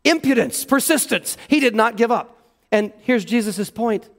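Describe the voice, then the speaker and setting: A man's voice: very high-pitched, animated, normal speed, a bit bright. A pastor preaching an earnest sermon, emphatic and repeating words as he stresses his points. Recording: long hall reverb.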